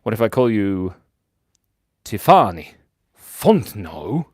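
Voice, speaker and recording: A man's voice: on the low side, very animated, slow pace, darkish tone. A playful man talks through a live drawing stream, with a voice that rises and falls a lot as he jokes along with viewers. He laughs often and teases himself. The sound is close and dry, with no room echo. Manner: playful, joking and self-mocking; laughs often while talking. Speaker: livestream host drawing for viewers. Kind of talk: casual live chat reading viewer comments.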